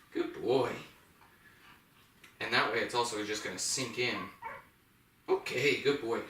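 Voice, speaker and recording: Calm man training a dog, echoey. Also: on the low side. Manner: calm, instructive, with brisk dog commands. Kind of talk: explaining dog training while working. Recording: echoey room, mic at a distance, noisy.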